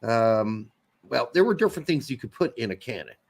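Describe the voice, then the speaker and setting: Brief: male podcast co-host, casual rambling banter, lively swooping pitch, jokey and profane. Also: brisk, vocal fry. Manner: rambling, joking, swears freely.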